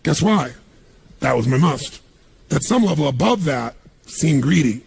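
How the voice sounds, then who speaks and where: A man giving a motivational seminar talk on stage, energetic and punchy, firing questions at a live audience. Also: on the high side, a little slow, creaky, breathy edge. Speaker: motivational speaker.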